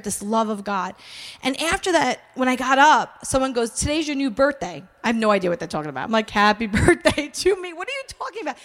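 High-voiced New woman telling her story. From New York. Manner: animated, acts out quoted voices, frequent "all right?" asides. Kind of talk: personal testimony, storytelling.

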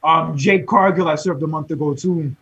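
A man co-hosting a podcast, chatting casually about wrestling in a quick, joking way. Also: fairly high pitch, fairly bright tone, slightly rough. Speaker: podcast co-host. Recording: dull, muffled lo-fi sound.

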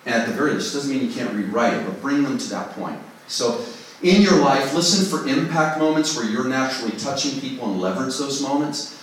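A songwriting workshop speaker with a medium-pitched voice talks fairly quickly, slight background noise behind him. His informal group teaching was captured by a distant mic in a large, very echoey room. He's self-deprecating and conversational, acting out inner voices.

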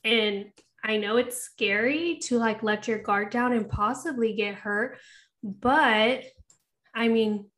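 A woman with a somewhat high voice chats candidly into a podcast mic. She is confiding and talkative, laughs easily and swears in passing. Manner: chatty, confiding, laughs often, profane. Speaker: podcast co-host. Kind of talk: candid casual chat.

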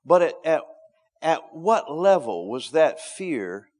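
Speaking slowly with big swings in pitch, a middle-aged preacher moves back and forth between loud emphatic statements and quiet low asides, frequently restarting and repeating words.

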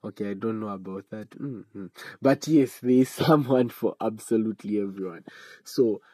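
A man hosting a casual solo podcast and giving chatty advice. He jokes as he talks, laughs at his own asides, and breaks into sudden animated outbursts. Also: moderate pace, husky, rough recording. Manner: animated outbursts with sudden high pitch jumps. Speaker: podcast host.

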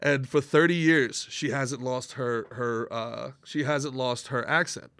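A man's voice: mid-range voice, a little slow, a bit bright, smooth, no room sound. A man hosting a podcast and chatting casually, rambling with restarts before landing emphatic lines. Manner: rambling, hesitant, with many restarts, then emphatic. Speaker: podcast host.

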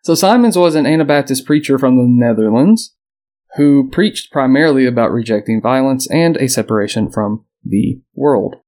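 A man's voice: mid-range voice, lively intonation, normal speed, mellow. A man hosting a casual history podcast, reading his notes aloud and joking with his co-hosts. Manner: reads notes aloud, jokes and laughs with co-hosts. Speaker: podcast host.

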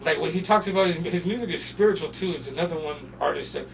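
A young man from Portland, a podcast guest, telling loose, profane stories in casual chat and shouting when he quotes people. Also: a little high, fast talker, gravelly. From Portland, Oregon. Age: young adult. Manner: loose, profane, animated storyteller who often shouts when quoting people. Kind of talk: casual storytelling. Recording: distant mic with faint noise.

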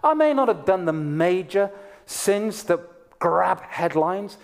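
A man's voice: high-pitched, lively intonation, slow, vocal fry. A middle-aged man, a pastor, preaching an emphatic sermon to his congregation. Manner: emphatic preaching with rising and falling intensity.

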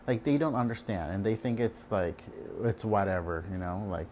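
A man's voice: on the low side, normal speed, a little mellow, a little hiss or hum. A man working as an ultrasound technologist, ranting casually and candidly about patients, swearing freely and mimicking them.

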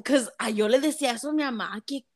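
A woman's voice: on the high side, rapid-fire. Candid bilingual woman in her twenties. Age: 20s. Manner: switches between English and Spanish, candid and profane. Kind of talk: casual chat.

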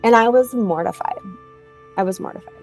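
Chatty young woman, mellow voice. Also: fairly high pitch, a little fast, faint music behind. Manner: chatty, many "like" fillers, laughs while telling. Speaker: guest telling her birth story. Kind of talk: casual personal storytelling.

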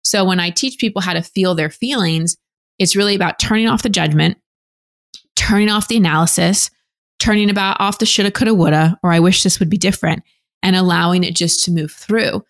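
A woman's voice: lowish voice, brisk. A woman guest on an interview podcast, explaining things in an earnest, teacherly way as a relationship coach. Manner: earnest, teacherly, acts out example voices.

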